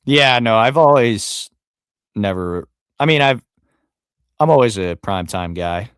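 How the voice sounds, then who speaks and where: Low-voiced dude rambling about football schedules, dry close mic, lots of ums. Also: male voice, animated, unhurried, fairly bright tone, clean tone, dry recording. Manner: rambling, profane, trails off with fillers. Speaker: podcast co-host. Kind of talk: casual sports podcast chat.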